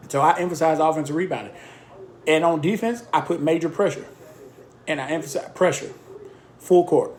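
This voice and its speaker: A man's voice: on the high side, darkish tone. A man talking as a basketball coach, emphatic and fond of repeating short punchy lists of instructions. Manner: emphatic, repetitive drill-style lists; speaks in short punchy phrases. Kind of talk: casual coaching talk.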